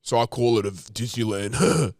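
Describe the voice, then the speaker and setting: A man's voice: mid-range voice, normal speed, a little mellow, no echo, studio quality. A young man, co-hosting a podcast in casual, crude, rambling chat full of slang. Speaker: podcast co-host.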